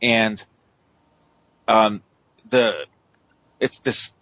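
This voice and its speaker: A man's voice: fairly low pitch, steady tone, very slow, fairly bright tone, no room sound, muffled recording. A man telling a story on a radio show, rambling with many fillers and restarts. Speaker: paranormal investigator guest.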